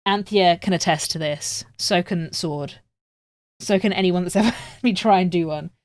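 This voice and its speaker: A woman chats on a craft stream, swearing freely and poking fun at herself. Her voice sits a little low. The sound is dry and close. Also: normal speed, no room sound. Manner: chatty, self-mocking and swearing. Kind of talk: casual live-stream chat while crafting.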